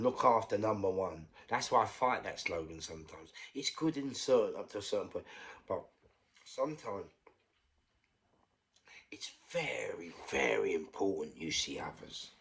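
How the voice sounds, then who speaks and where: A middle-aged man with a London accent, telling his own story casually, repeating phrases and swinging between hushed and loud. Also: mid-range voice. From England.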